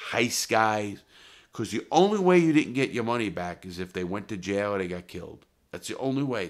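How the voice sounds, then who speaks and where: A man with a low, deep voice spins crime stories in blunt, profane street talk. He stumbles and restarts, then bursts into loud acted lines when he quotes someone. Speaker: storyteller. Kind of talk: casual crime storytelling.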